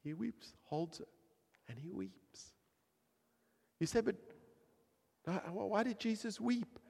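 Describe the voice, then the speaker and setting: A man preaching a sermon, swinging from hushed, quiet lines to loud, emphatic peaks. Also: high voice, animated, slow, vocal fry, slightly rough. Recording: long hall reverb.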